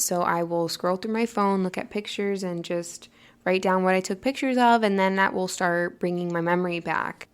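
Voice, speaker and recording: A young woman talks straight into her own podcast in a casual motivational monologue. She sounds earnest and encouraging, and her thoughts wander loosely as she goes. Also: medium pitch. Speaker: podcast host.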